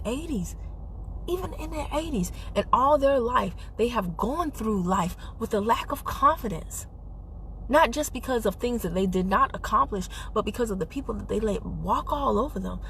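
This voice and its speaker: A woman's voice: medium pitch, creaky, a little hiss or hum. A woman giving an emphatic, sassy motivational talk on a live stream, speaking into a phone while driving her car. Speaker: network marketing team leader.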